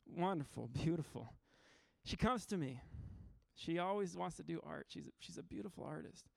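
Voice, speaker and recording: A man's voice: on the high side, expressive, normal speed, creaky, darkish tone, no echo, studio quality. A man in his thirties preaching a sermon in an earnest, informal way, often restarting his sentences. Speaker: pastor. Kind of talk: conversational sermon.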